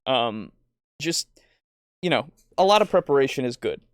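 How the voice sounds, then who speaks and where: A man in easy, casual conversation, hedging his points and adding little laughs. His voice sits at a middle pitch and is recorded close and dry. He sounds like a podcast co-host among friends. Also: moderate pace, smooth, dry recording. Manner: relaxed, hedging, with fillers and small laughs. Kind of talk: casual chat.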